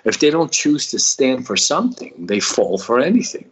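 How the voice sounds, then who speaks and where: A man's voice: mid-range voice, very animated, moderate pace. A man speaking earnestly and thoughtfully in a conversation about faith and family. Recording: dull lo-fi recording.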